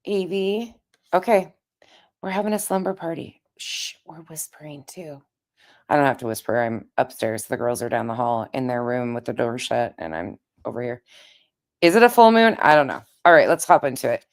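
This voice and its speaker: A woman live-streaming in a casual, chatty way, greeting viewers by name, with a raspy voice. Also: very deep voice, animated, a little fast.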